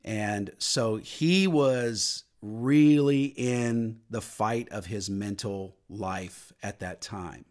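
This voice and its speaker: A middle-aged man, a minister hosting a podcast, talking earnestly in a preaching manner, lifting his voice on scripture and dropping low for personal stories. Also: extremely slow, hardly any pauses, darkish tone. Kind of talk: podcast sermon talk.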